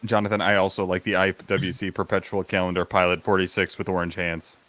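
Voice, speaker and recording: A man's voice: sits low, level tone, a little fast, fairly bright tone, dry recording. A man hosting a casual chat, blunt and wry with strong opinions. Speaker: host.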